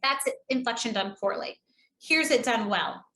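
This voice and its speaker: Fast-talking New England woman teaching speaking. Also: roomy sound. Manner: lively, demonstrates delivery with shifting pitch; chatty, casual, fast-talking. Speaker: public speaking trainer. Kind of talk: online training presentation.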